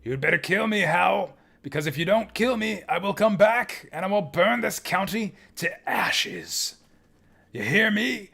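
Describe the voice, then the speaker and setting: A man's voice: a little high, very animated, unhurried, creaky, a bit bright, slightly rough, pitched above the performer's own voice, exaggerated voice. A man voicing a defeated outlaw villain who screams threats and begs to be killed, reading video game dialogue aloud. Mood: furious. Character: vengeful outlaw leader, adult man, defeated and raging.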